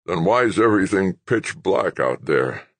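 A man voicing a cranky, failing old general who speaks slowly in a slurred, croaking voice. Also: deep voice, animated, no room sound, full character voice. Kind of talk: audiobook character voice.

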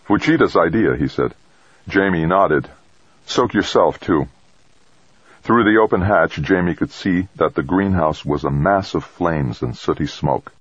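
An audiobook narrator with a very deep, husky male voice reads scripted narration at normal speed. The recording is close, dry, and dull.

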